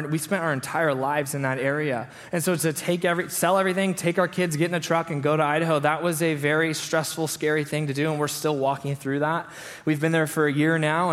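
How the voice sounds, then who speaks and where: A man in his thirties preaching a sermon as a pastor, telling stories and acting out the lines of the people in them. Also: fairly high pitch. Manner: storytelling, animated quotes of himself and others. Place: church hall. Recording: long hall reverb.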